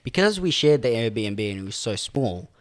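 A young man co-hosting a casual chat, telling stories with lively acted-out quotes and frequent laughs. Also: medium pitch, moderate pace, no room sound. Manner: animated storyteller, acts out quotes, laughs often. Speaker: podcast co-host.

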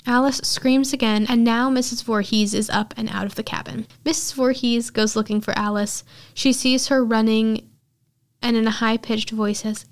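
Woman host going over a plot, chatty with lots of "like", voice a bit high. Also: fairly even intonation, moderate pace. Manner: chatty storytelling with filler words. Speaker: podcast host. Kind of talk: casual plot recap.

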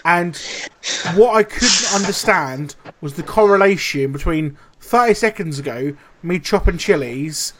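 A man on a casual podcast spins animated, profanity-laced anecdotes. His voice sits a touch high for a man. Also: unhurried. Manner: animated storytelling, heavy swearing. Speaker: podcast co-host. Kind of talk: casual chat.

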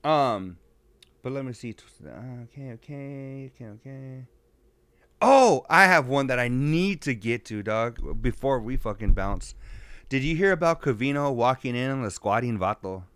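A man's voice: mid-range voice, animated, moderate pace, fairly bright tone, clean tone, no room sound. A man in his thirties co-hosting a podcast, telling profane stories in casual chat. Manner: profane, storytelling, says "dog" a lot. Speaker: podcast co-host.

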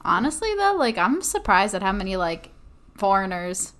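A woman's voice: mid-range voice, very animated, brisk, a bit bright. A young woman co-hosting a casual podcast, chatty and giggly. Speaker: podcast co-host. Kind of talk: casual chat.

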